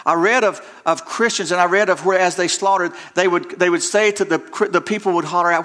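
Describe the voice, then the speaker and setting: A man preaching a sermon in a high, bright, ringing voice. He tells the scripture story with drama and keeps doubling back on his words as he goes. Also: fairly even intonation, brisk, few pauses. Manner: retells scripture dramatically with frequent word repeats.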